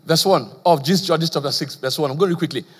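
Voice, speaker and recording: A man's voice: a little high, quick pace, husky. A male pastor from Nigeria preaching a sermon with call-and-response questions, a slight stammer and frequent "praise the Lord.". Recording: long church hall reverb.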